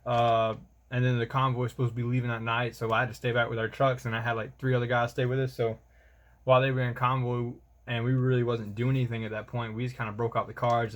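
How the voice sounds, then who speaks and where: A man's voice: mid-range voice, highs cut off. A young man, telling a rambling, slangy vlog story about army training and calling the listener bro. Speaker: soldier vlogger.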